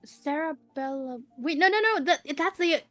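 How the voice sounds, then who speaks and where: A woman guest streamer in casual chat, reacting with bewildered quick interjections. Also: high-pitched, animated, fairly bright tone, no room sound, soft background music. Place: home streaming setup.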